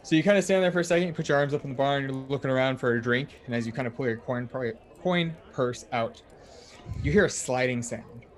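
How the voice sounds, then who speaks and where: A man as dungeon master, narrating a tabletop game in a relaxed, rambling way full of fillers. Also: medium pitch, fast talker. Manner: relaxed, filler-heavy storytelling.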